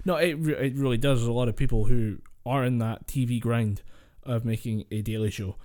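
A man's voice: mid-range voice, a little fast, a little mellow. A young man co-hosting a podcast, chatting casually, laughing often and filling his talk with ums and uhs. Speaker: podcast co-host. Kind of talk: casual chat.

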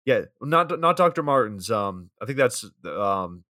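A man with an average-pitched voice walks through a bad movie's plot in a rambling, wry podcast recap. The sound is dry and close, with little room echo. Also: big pitch swings, normal speed, pushed and bright. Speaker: podcast co-host.

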